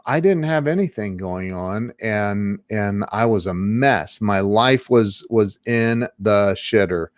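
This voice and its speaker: A middle-aged man, a guest on an interview show, telling a personal story casually, rambling with many restarts and turning animated when he quotes others. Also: on the low side, dry recording, clean studio sound. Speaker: guest, social media marketing coach.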